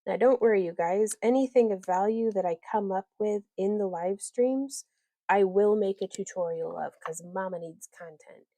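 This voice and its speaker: A woman's voice: mid-range voice, normal speed, warm tone, no echo. A woman hosting a casual crafting livestream, rambling, giggling often and reading viewer comments aloud.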